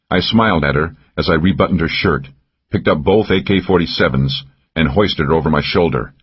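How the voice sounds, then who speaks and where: Deep husky male audiobook narrator. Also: brisk, dull audio. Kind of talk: first-person thriller narration.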